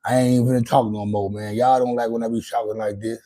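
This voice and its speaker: A man hosts his own livestream, rambling loosely and profanely to his chat with lots of restarts. His mid-range voice is warm and level in tone, and he talks a little fast in this casual monologue.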